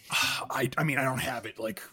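A man with a deep, gravelly voice chatting on a podcast, ranting with self-deprecating laughs. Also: normal speed, bright, forceful tone. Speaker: podcast host. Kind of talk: casual podcast chat.

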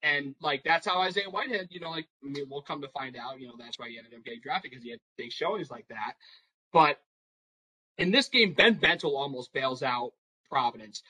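A young man spins a rambling story full of "like" and "you know," jumping into the voices of the people in it. His voice sits high and sounds bright and forceful, and it swings up when he gets excited. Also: fairly quick, slightly rough, poor audio. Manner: animated, rambling with many fillers, acts out quotes. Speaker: podcast guest storyteller. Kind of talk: casual storytelling.

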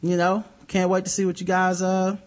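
Young male co-host, somewhat high voice, loose and profane, rambling chat with plenty of fillers. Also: monotone, moderate pace. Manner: laid-back, rambling, profane, with many fillers. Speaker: podcast co-host. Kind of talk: casual podcast chat.

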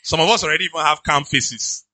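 Lively Nigerian preacher man, high and bright. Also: fast talker, dry recording. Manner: animated conversational preaching with pidgin asides. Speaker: pastor. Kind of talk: sermon.

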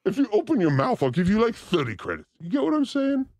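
A man playing a boastful, crude demon character, ranting manically on a live comedy stream with frequent shouted outbursts. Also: high voice, wildly swooping pitch, fast talker, background noise, heavily acted. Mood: manic.

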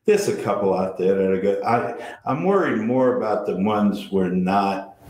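A man's voice: lowish voice, lively intonation, unhurried, darkish tone. An older man, a stage actor and playwright, telling rambling anecdotes in a casual interview. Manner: rambling storyteller, frequent restarts. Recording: roomy recording with faint noise.

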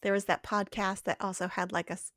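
A woman's voice: mid-range voice, level tone, fairly bright tone, dry recording, studio quality. A woman guest on a podcast, casually recapping an episode and laughing often. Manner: giggly, quick to laugh.

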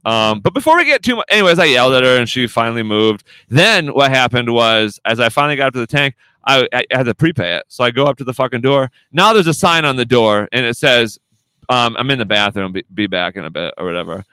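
A man's voice: mid-range voice, lively intonation, fast, bright, forceful tone, smooth, no room sound. A man hosting a casual podcast, rambling and swearing through a story. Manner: rambling, swears a lot, laughs at own stories. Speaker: podcast host. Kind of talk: casual profane chat.

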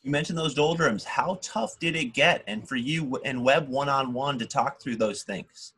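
A man's voice: mid-range voice, moderate pace, fairly bright tone, a little hiss or hum. A man interviewing a guest, asking questions in an affirming, engaged way.

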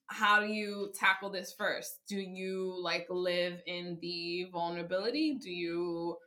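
A young woman speaks in a reflective, supportive way, with soft murmurs of agreement while she listens. Her voice is fairly low but very bright and sharp in tone. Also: fairly even intonation, unhurried. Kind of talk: casual chat.

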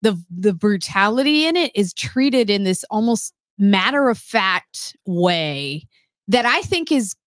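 A woman co-hosting a casual sports podcast, talking in a thoughtful, chatty way with quick light laughs. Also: medium pitch, sing-song, dry recording, studio quality. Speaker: podcast co-host.

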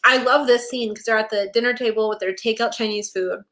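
Young woman podcast cohost, kinda high voice, rambly and animated, lots of "like"s. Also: fairly quick. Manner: chatty and animated, heavy use of "like", laughs often. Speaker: podcast co-host. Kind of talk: casual chat recapping a TV episode.

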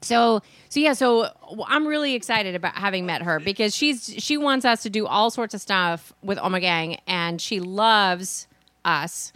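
A middle-aged woman co-hosting a casual sports podcast, chatty and quick, often trailing off mid-sentence. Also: medium pitch, lively intonation, a bit bright. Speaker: podcast co-host.

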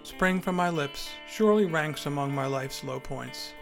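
A man's voice: fairly high pitch, expressive, moderate pace, creaky, faint music behind. A man telling a first-person story with acted dialogue in a dry, wry, articulate way, and hosting his podcast.

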